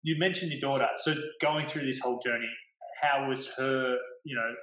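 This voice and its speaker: A man interviewing a guest, asking gentle questions and giving short affirmations. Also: mid-range voice, fairly even intonation, normal speed. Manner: attentive, brief affirmations and questions. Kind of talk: interview conversation. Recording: roomy echo.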